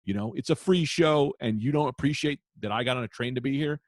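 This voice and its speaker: A man, a comedian guest, telling heckler stories in casual podcast chat, profane and animated. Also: medium pitch, fast talker, dry recording, clean studio sound. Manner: profane, animated, acts out shouted quotes.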